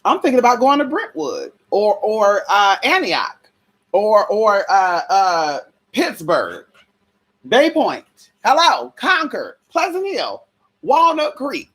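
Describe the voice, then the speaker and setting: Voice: medium pitch, big pitch swings, slow, fairly bright tone, breathy edge. A vlogger telling a story in a casual, profane, chatty way, calling viewers y'all, girl and honey.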